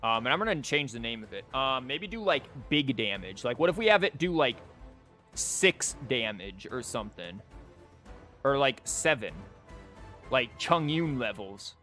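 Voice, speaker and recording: Guy streaming, rambling chatty talk with tons of "like", mid-pitched voice, faint music behind. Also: very animated, unhurried, sharp tone. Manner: rambling, filler-heavy, full of "like" and restarts. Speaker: streamer and teacher. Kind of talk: casual live-stream chat while theorycrafting.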